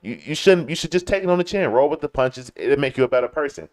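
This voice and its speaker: A man's voice: mid-range voice, expressive, fast. A man hosting a live-stream, ranting in a combative way, stumbling over restarts and mocking others in whiny voices. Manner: combative, repetitive, stammering restarts. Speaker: streamer host. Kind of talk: live-stream commentary rant.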